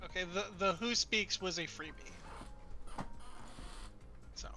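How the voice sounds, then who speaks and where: Bright high-voiced man running the game. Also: faint music behind. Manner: halting, restarts while explaining rulings. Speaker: game master.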